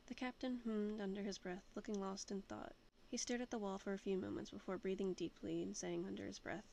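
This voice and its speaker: A woman reading fan fiction aloud as a podfic, in a steady narrating voice. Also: medium pitch, a little fast, creaky, slight background noise. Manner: casual, friendly sign-off. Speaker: podfic reader.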